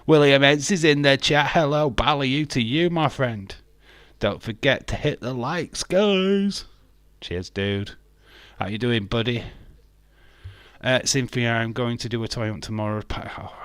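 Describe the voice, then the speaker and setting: A man's voice: mid-range voice, measured pace, a bit bright, clear, resonant tone, no room sound. A man chatting casually on a live stream, greeting viewers, laughing often and swearing freely. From England. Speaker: wrestling watch-along streamer.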